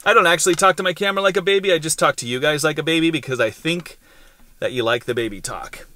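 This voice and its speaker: A man's voice: on the high side, quick pace, sharp tone, no room sound. A man in his thirties vlogging casually to a handheld camera from his car, rambling and joking. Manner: rambling, playful, jokey.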